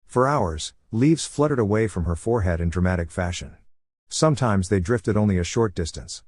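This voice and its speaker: A man hosting a storytelling channel, reading a fan story in smooth, even scripted narration. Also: fairly low pitch, moderate pace, no echo, clean studio sound.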